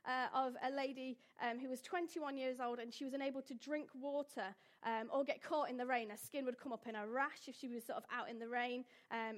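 A young woman speaks to a gathered audience in a loose, informal way. Her voice sits high, and she keeps things light with asides and questions to the listeners. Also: fairly bright tone. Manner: chatty, jokey, asks the audience questions. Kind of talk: informal talk to a live audience.

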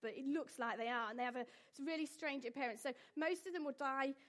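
A woman's voice: high-pitched, quick pace, a bit bright. A young woman giving an informal, jokey talk to a live audience, often asking them questions. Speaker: speaker addressing an audience.

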